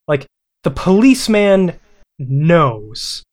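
A man's voice: on the high side, normal speed. A young man casually chatting about movies, rambling with many restarts and fillers. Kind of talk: casual film chat.

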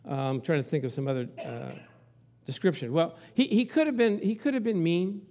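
A man's voice: on the high side, a little fast, warm tone. A man in his sixties preaching a sermon in a conversational, folksy way with an Italian accent. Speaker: pastor.

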